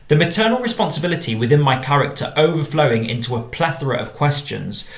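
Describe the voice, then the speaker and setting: In an echoey room, a man with an English accent, a drama teacher, goes through model exam answers with measured explanations. His medium-pitched voice is a bit bright.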